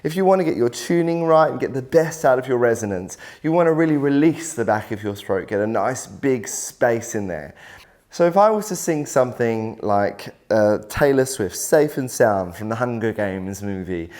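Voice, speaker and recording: A male vocal coach talks through singing techniques in a friendly, encouraging tone. His pitch sits in the middle range. He explains each point clearly, one step at a time. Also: lively intonation, moderate pace, a little mellow. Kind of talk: video workshop instruction.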